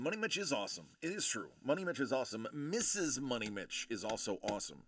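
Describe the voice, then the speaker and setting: A man's voice: medium pitch, sing-song, quick pace, a bit bright, no echo. A man hosting a casual livestream, telling a long rambling story with many fillers and restarts. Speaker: show host.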